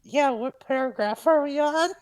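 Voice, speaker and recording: A woman's voice: high-pitched, normal speed, darkish tone. A young woman chatting casually, reacting with sweary disbelief. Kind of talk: casual chat.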